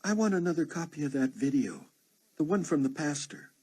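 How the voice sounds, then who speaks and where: A man's voice: a little high, expressive, a little fast, warm tone, slightly rough, voice pushed up. A man voicing a shaken young daughter. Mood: pleading.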